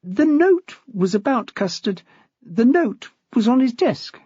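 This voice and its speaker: A man's voice: extremely high pitch, very animated, slow, warm tone, husky, dry recording, pitched above the performer's own voice, exaggerated voice. A man voicing an ambitious young woman staff member who presses her point earnestly, in a dull, dry recording. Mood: insistent.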